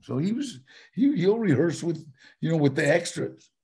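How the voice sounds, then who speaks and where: A man's voice: fairly high pitch, sing-song, normal speed, darkish tone, husky. An older man, telling stories as a guest in a casual interview, rambling and laughing. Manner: rambling, laughing, full of "you know" and "man". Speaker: guest actor.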